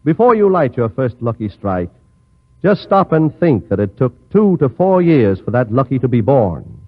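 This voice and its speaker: A man reading a scripted radio commercial in a smooth, persuasive announcer delivery. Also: medium pitch, sing-song, normal speed. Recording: dull 1940s radio broadcast recording.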